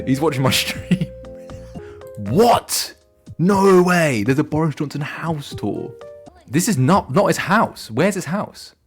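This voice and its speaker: Man, young adult, casual gaming stream, crude joking banter, lively swinging pitch, faint background music. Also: slow pace.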